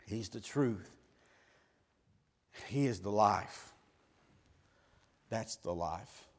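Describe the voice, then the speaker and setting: A middle-aged male preacher delivering a sermon, dropping to slow, quiet words and then rising to loud hollering. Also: fairly low pitch.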